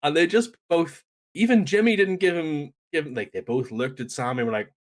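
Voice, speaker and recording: Animated man retelling a story. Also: on the high side, fairly quick. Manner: animated storyteller, acts out quotes. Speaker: podcast co-host. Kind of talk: casual wrestling recap chat.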